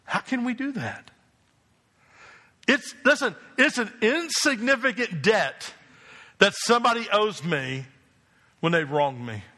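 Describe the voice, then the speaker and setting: High, bright-voiced preaching man. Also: big pitch swings, unhurried, pauses often. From New Jersey. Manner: emphatic, with rhetorical questions to the congregation. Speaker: pastor. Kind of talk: sermon.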